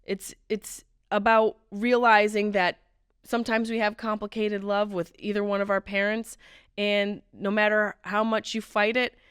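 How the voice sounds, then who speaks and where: A woman in her late thirties hosting a podcast, delivering a wry comedic monologue that swings between loud outbursts and low mutters. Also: measured pace, smooth, no room sound, studio quality. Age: late 30s. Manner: animated, wry, mimics others in mock voices. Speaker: podcast host.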